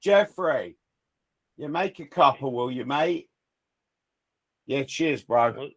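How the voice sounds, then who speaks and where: A man's voice: mid-range voice, expressive, takes it slowly, creaky, fairly bright tone, no room sound, studio quality. A man co-hosting a wrestling podcast, chatting casually with a joking manner. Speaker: podcast co-host. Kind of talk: casual chat.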